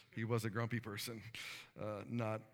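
Male pastor, earnest sermon storyteller, gravelly voice, long hall reverb. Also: fairly low pitch, level tone, a little slow. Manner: storytelling, earnest, many fillers.

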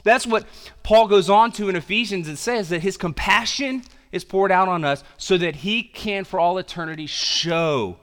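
A man preaching a sermon as pastor. He swings between loud emphatic passages and quiet, intense ones, with casual slang in his asides. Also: high voice, moderate pace, clean tone.

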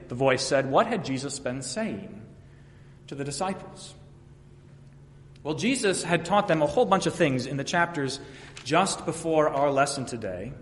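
Storytelling preacher, raised pitch, reverberant church. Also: male voice. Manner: storytelling preacher who voices biblical quotes with sweeping shifts in loudness. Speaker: pastor. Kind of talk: sermon.

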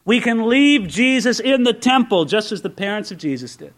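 A man with a notably high speaking voice delivers a sermon. His preaching is conversational and full of rhetorical questions. He swings between excited, raised asides and low, quiet emphasis. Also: normal speed. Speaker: pastor.

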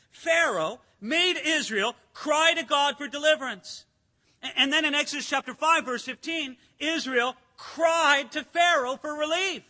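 A male pastor preaching a sermon, swinging from hushed to emphatic as he reads and expounds scripture. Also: very high voice. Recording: long reverb of a large hall.

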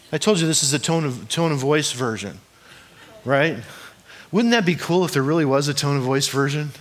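A man's voice: fairly high pitch, measured pace, pauses often. A man, a pastor, delivering a sermon in a conversational, joking way and often asking the congregation rhetorical questions. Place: church hall before a congregation.

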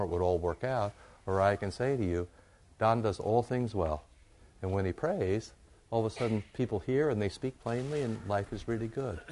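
A man's voice: sits low, darkish tone. A man pastor giving a conversational, emphatic sermon, with asides to his congregation.

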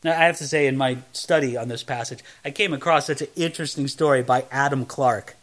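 A man's voice: mid-range voice, brisk, a bit bright. A man teaching the Bible verse by verse in a conversational way, reading a passage and then explaining it.

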